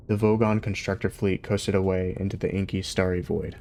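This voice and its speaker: A young man on a livestream, reading a novel aloud and chatting casually between chapters with a relaxed, easygoing manner. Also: deep voice, brisk, slight background noise. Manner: relaxed, chatty, laughs easily. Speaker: streamer reading a book aloud.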